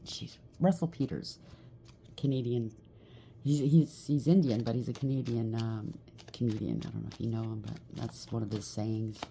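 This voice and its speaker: A woman's voice: very deep voice, fairly even intonation, normal speed, vocal fry, dark tone, slight background noise. A woman giving a casual tarot reading, chatty and reassuring, often checking in with "okay?" and "right?". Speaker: tarot reader.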